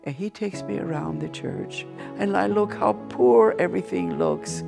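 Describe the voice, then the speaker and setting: A woman's voice: medium pitch, big pitch swings, moderate pace, creaky, over music. A woman telling her faith testimony as an interview guest, vividly storytelling and acting out the dialogue she recalls.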